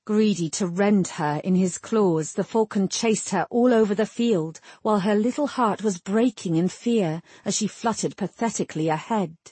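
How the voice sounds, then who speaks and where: Woman narrator, audiobook, husky tone, dry close read. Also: medium pitch, normal speed, few pauses, dark tone, dry recording.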